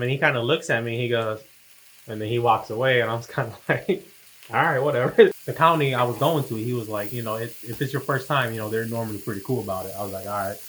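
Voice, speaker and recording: A man's voice: mid-range voice, fairly bright tone, rough recording. A man casually telling a personal story as co-host of a couple's chat, laid back and slangy, acting out what he and others said.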